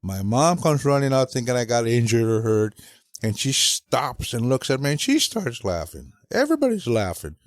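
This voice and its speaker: A man's voice: mid-range voice, normal speed, no echo. An older man telling family stories in a podcast chat. He acts out the voices of the people in his stories. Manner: animated storyteller who acts out voices. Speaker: guest father telling stories. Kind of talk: storytelling chat.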